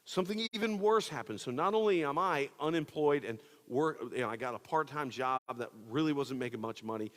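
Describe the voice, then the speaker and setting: A man's voice: medium pitch, animated, a little fast, hardly any pauses, fairly bright tone, in a large hall. A man pastor giving a sermon, telling a personal story in a casual, conversational way with many fillers. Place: church auditorium.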